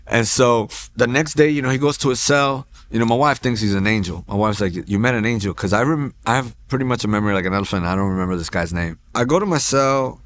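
A man telling his personal faith testimony at a church, in a casual, animated storytelling way that acts out quoted lines, with frequent restarts. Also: fairly low pitch, quick pace, hardly any pauses. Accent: Texan. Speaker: testimony speaker.

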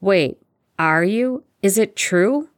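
A woman's voice: medium pitch, lively intonation, slow pace, voice pushed up. A woman reading fanfiction aloud, voicing a flustered, defensive teenage boy who blurts things out in a raised voice.

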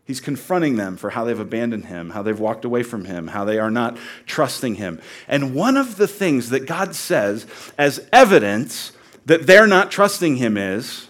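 A man preaching a sermon in an earnest, conversational way, dropping to a hush and then rising to loud, emphatic peaks. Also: mid-range voice, very animated, moderate pace. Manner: swings from hushed, quiet delivery to loud, near-shouted emphasis. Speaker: pastor.

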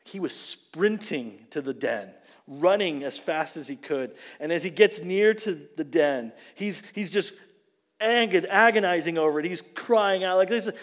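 A male pastor preaching a sermon, retelling the story with animated, dramatic delivery and acted-out quotes. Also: a little high. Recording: long reverb of a large hall.

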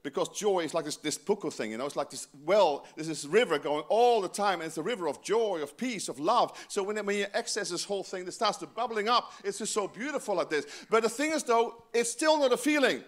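A man preaching a sermon as pastor, lively and joking, with frequent asides to his congregation. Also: high-pitched, brisk, few pauses.

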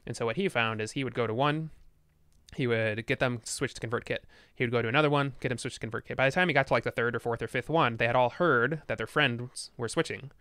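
A man talking in a casual podcast chat, explaining an idea quickly with fillers and restarts. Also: medium pitch, sharp tone, smooth, dry recording, studio quality.

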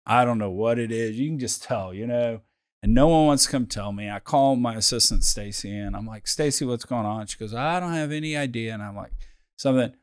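A man co-hosting a podcast, telling a workplace story in casual chat, with lively acted quotes. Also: medium pitch, fairly quick, dry recording, clean studio sound. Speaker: podcast co-host.

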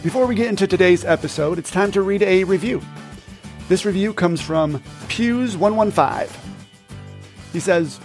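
A man's voice: high voice, a little slow, soft background music. A man hosting a podcast, giving scripted, upbeat, instructive narration into a close mic. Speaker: podcast host.

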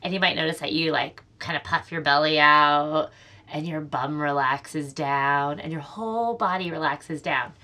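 A woman's voice: sits low, normal speed, bright, forceful tone. A woman talking as a birth educator on a casual podcast chat, playful and demonstrative. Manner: playful, demonstrates sounds and laughs.

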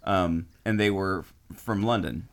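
A man's voice: sits low, measured pace. A man with a Texan accent, a guest on a casual podcast chat, telling a rambling story and questioning himself aloud.

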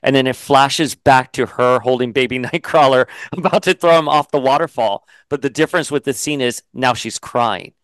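A man hosting a casual interview, animated and chatty, who swears and slips into mocking voices. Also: mid-range voice, moderate pace, hardly any pauses, no room sound. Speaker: interview host. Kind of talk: casual video-call interview.

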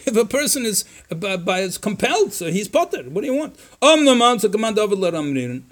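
A rabbi with a fairly high voice leads a Torah class in an animated, conversational way. He weaves Hebrew and Yiddish quotes into his English and voices imagined objections sarcastically. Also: fairly quick.

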